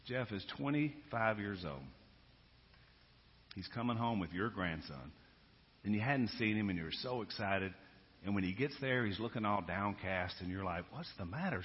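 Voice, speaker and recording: Man preaching in a reverberant hall. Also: on the low side. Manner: swings from hushed storytelling to loud emphatic exhortation. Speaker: pastor. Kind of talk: sermon with storytelling. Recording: dull sound with long hall reverb.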